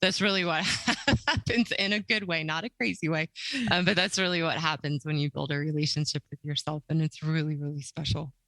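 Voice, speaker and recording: A woman life coach as a podcast guest, relaxed and rambling, often laughing. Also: low-pitched, fairly quick, vocal fry, dry recording, low-quality recording. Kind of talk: casual interview chat.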